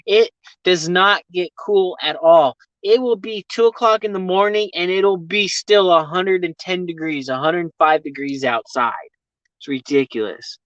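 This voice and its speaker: A man's voice: high-pitched, unhurried, a bit bright, no echo. A man chats loosely with his live viewers from his vehicle, rambling from one thought to the next and swearing freely. He laughs often as he talks. The sound is dull and lo-fi, with a close, dry feel. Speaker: livestreamer chatting with viewers. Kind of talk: casual live chat. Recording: dull lo-fi stream audio.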